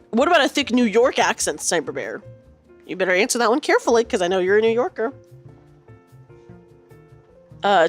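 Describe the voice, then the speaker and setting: A woman from the United States streaming a casual chat, giggling as she reads out and answers her viewers' chat. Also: fairly high pitch.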